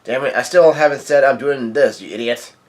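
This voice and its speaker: A man's voice: mid-range voice, a little fast, natural voice. A man reading as a grumbling male pirate.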